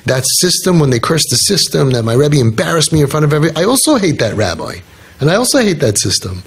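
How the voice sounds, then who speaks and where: Husky earnest man advising parents. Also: on the high side, big pitch swings, fast talker. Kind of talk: heartfelt talk to parents.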